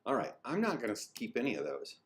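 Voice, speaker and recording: A man's voice: medium pitch, wildly swooping pitch, quick pace, slight background noise. A man hosting his own live stream, chatting to himself as he edits, close on his mic with headphones on. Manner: chatty, talks to himself as he works. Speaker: video creator and host. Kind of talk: live-stream commentary while editing. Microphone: headphones on, mouth close to the mic.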